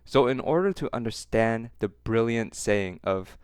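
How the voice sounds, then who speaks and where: Mocking man with a smooth, dry voice. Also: mid-range voice, lively intonation, a little slow, no room sound. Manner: mocking, laughs often, repeats phrases for effect. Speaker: commentary host. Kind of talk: reaction commentary.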